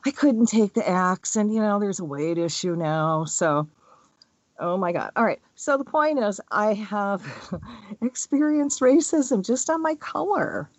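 A woman's voice: mid-range voice, animated, measured pace, no room sound. Chatty woman giving a rambling spiritual talk. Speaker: spiritual energy healer. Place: Hawaii. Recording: dull, dry recording.

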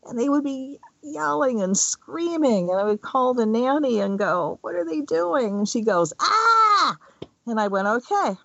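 A middle-aged woman talking about spirituality in a casual, storytelling way, animated and quick to laugh. Her voice sits in an ordinary middle pitch. The sound is dry and a little dull, with no room around it. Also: no echo. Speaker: spiritual speaker. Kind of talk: casual spiritual talk with personal stories.

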